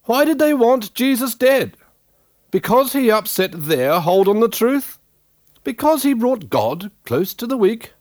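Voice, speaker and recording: Slow, high-pitched male narrator. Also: very animated, dry recording. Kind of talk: scripted dramatic narration.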